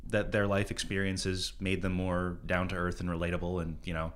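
A man's voice: low-pitched, completely flat delivery, brisk, a little hiss or hum. A man co-hosting a podcast in casual chat, wry and questioning, often laughing. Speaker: podcast co-host.

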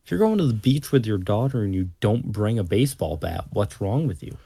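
A man's voice: fairly low pitch, big pitch swings, fairly quick, gravelly, mellow, slightly rough, no echo. A man guest co-hosting a podcast, rambling in wry, profane banter. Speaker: guest co-host.

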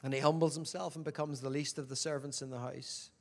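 A man preaching a sermon who keeps asking the audience questions and moves between loud emphasis and quiet, reflective stretches. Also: medium pitch, fairly even intonation, quick pace, gravelly.

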